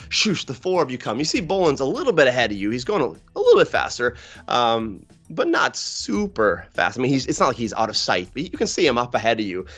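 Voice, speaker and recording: A man runs a tabletop game in a relaxed, chatty way, stopping for fillers and laughs. Faint music plays under his voice. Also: medium pitch. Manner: casual, laughing, with many fillers. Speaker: game master.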